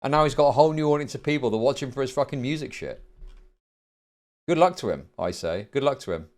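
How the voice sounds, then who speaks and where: A man hosting a livestream, reacting to clips with a mocking, foul-mouthed edge. His voice sits at an ordinary middle pitch for a man, and his tone stays loose and conversational. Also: animated, fast, a little mellow. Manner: profane, sarcastic, mocking. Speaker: streamer host. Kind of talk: casual livestream reaction commentary.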